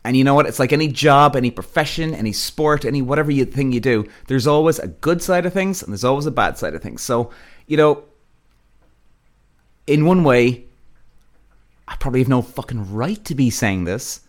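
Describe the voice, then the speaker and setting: A man's voice: mid-range voice, normal speed. A man hosting his own podcast, ranting casually and bluntly with lots of swearing. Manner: blunt, heavy swearing, animated. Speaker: podcast host.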